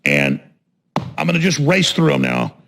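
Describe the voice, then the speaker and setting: A man hosting a radio talk show, delivering a combative political rant that swings into shouting and hammers points with repeated phrases. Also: a little high, huge pitch swings, normal speed, creaky, a little hiss or hum. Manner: repetitive emphatic phrasing. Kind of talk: ranting political monologue.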